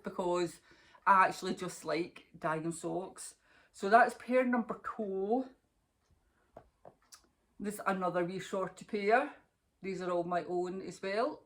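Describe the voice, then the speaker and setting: A woman's voice: medium pitch, fairly bright tone. A Scottish woman hosting a knitting podcast, chatting casually to camera in a rambling way and laughing often.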